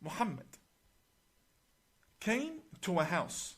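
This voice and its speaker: Deliberate, emphatic male imam. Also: high voice, big pitch swings, fairly bright tone, breathy edge. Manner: deliberate, emphatic, slowing on key words; recites passages in Arabic. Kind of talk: explaining a book to camera.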